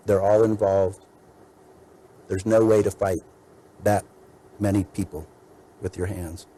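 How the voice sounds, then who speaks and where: Brief: male defense attorney, low mellow voice, measured courtroom argument. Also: husky, poor audio. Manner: measured, methodical, lists points.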